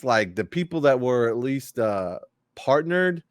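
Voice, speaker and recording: A man in mid-range pitch hosting a relaxed gaming podcast stream. He chats loosely, swears freely and laughs as he reads viewer comments aloud. The recording is close and dry. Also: unhurried, no room sound. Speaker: podcast host. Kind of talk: casual chat, reading chat comments aloud.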